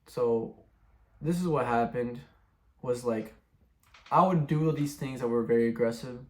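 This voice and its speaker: A young man speaking at an ordinary middle pitch, telling his own story in a loose, casual way. He rambles and circles back, and fills his sentences with "like" and "bro". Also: a little slow. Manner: rambling, many fillers like "like" and "bro". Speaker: testimony speaker. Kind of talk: casual personal testimony.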